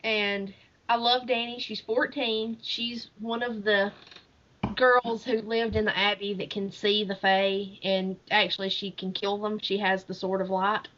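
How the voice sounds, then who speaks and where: A woman's voice: medium pitch, a little slow. Woman eagerly retelling a book plot. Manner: animated retelling, laughs often. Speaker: podcast co-host. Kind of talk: casual book chat. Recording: dull lo-fi audio.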